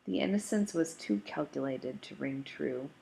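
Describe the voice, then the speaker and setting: A woman reading a novel aloud as an audiobook narrator, in calm, steady storytelling. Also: low voice, moderate pace, creaky, slight background noise, low-quality recording. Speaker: audiobook reader. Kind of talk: scripted narration.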